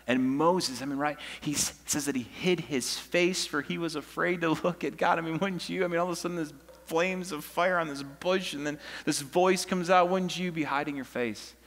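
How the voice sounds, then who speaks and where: A pastor preaching a sermon in a church, telling a story casually and prompting the congregation to join in. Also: male voice, a little high, moderate pace, long reverb tail. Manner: conversational, animated storytelling with audience prompts. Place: church auditorium.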